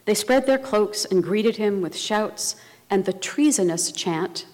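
A woman preaching a sermon in a measured, reflective way. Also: mid-range voice, animated, darkish tone. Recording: long reverb of a large hall.

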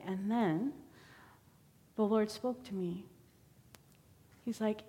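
A woman delivers a personal testimony from the pulpit, telling her story in an easy, conversational way. Her voice sits at a middling pitch. It rings out with the long reverb of a church hall. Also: slow, pauses often, dark tone. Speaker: church member giving a sermon. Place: church sanctuary.

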